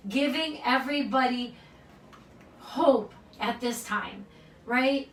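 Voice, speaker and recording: A woman's voice: on the high side, slow, long pauses. A woman gym owner giving an earnest, emotional pep talk to her members, often tagging lines with "right?". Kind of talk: motivational address to members. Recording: roomy sound from a distance.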